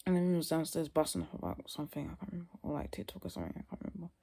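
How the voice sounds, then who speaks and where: A woman's voice: low-pitched, big pitch swings, rapid-fire, gravelly, warm tone, slightly rough. A young woman vlogging casually to camera, sleepy and yawning, rambling and trailing off into tired mutters.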